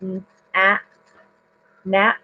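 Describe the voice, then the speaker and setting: A woman teacher leading an online reading lesson for young children, sounding out letters clearly and praising her readers. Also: mid-range voice, monotone, drawn-out words, noisy background. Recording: dull lo-fi recording.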